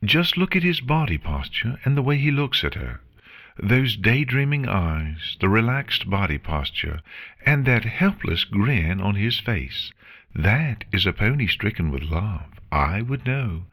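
A man's voice: fairly low pitch, big pitch swings, unhurried, a bit bright, voice pushed up, heavily acted. A man voicing a formal, remorseful pony princess of the night in a fan fiction reading, speaking in an earnest, emotional way.

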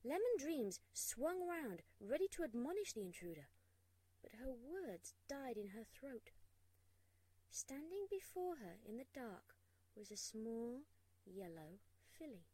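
A woman narrating a storybook aloud, expressive and hushed in tense moments. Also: on the high side, takes it slowly, no room sound, poor audio.

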